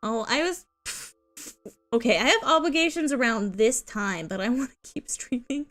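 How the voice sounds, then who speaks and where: A woman's voice: on the high side, lively intonation, normal speed, fairly bright tone, faint music behind. A woman streaming as a VTuber, chatting casually and giggling, with playful whiny complaints. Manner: giggly, rambling, playful whining. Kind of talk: casual live-stream chat.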